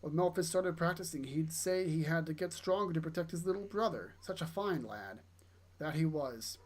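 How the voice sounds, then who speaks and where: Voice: mid-range voice, moderate pace, lightly acted. A player voicing a kindly old village granny. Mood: nostalgic. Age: older.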